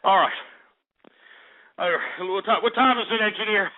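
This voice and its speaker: A man's voice: high-pitched, fairly even intonation, moderate pace. A man hosting a radio show, ranting and cursing in angry outbursts, sounding winded. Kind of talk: ranting call-in radio talk. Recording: tinny phone-like lo-fi audio.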